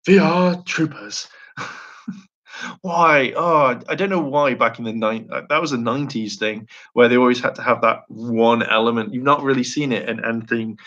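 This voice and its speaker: A man's voice: medium pitch, a little fast, few pauses, bright, forceful tone, muffled recording. A young man chatting casually on a live stream, rambling and enthusiastic, laughing often and acting out quotes.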